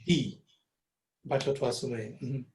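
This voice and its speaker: An unhurried man with a mid-range, darkish voice and a Ghanaian accent gives a music lesson, patiently sounding out words syllable by syllable. He mixes Twi and English, and the room has an echo.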